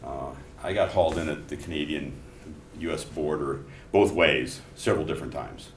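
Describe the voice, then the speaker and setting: Deep-voiced middle-aged man lecturing a class. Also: moderate pace. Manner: conversational, telling anecdotes between explanations. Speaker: instructor. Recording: echoey classroom from far off, faint noise.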